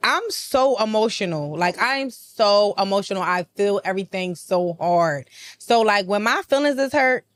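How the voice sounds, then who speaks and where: A woman's voice: medium pitch, lively intonation, moderate pace. A woman co-hosting a podcast, talking bluntly and expressively with heavy cursing in casual chat. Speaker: podcast co-host.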